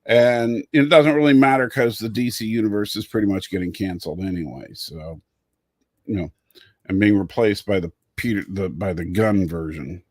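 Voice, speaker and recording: A man's voice: lowish voice, normal speed, dry recording, studio quality. A man hosting a casual livestream chat, rambling, repeating words and reading out viewer comments. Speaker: show host.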